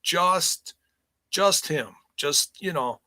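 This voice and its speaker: A man's voice: a little high, animated, drawn-out words, bright, forceful tone, dry recording. A man co-hosting a wrestling review podcast, chatty and rambling, laughing often. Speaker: podcast co-host. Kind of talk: casual wrestling review chat.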